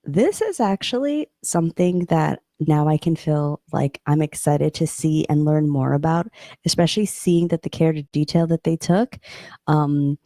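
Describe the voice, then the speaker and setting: Soft-spoken co-host with a mellow voice. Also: mid-range voice, normal speed, no room sound, studio quality. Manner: speaking softly to keep the voice down. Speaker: co-host of a reaction show. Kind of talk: casual chat.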